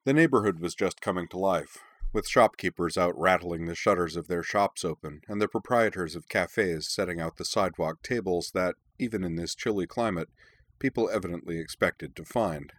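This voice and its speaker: Deep-voiced man narrating a story. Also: moderate pace, no room sound. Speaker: audiobook narrator. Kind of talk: scripted narration.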